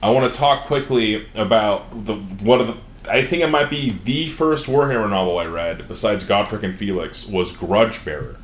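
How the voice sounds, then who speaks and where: A man's voice: fairly low pitch, normal speed. A man hosting a casual podcast and animatedly retelling fantasy lore, swearing often. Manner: animated storytelling, frequent profanity. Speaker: podcast host. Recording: roomy echo.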